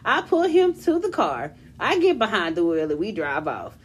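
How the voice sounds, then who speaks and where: A young woman with a mid-range, slightly rough voice reads a listener's long story on the casual podcast she co-hosts. She moves at a moderate pace, sounds animated and laughs frequently.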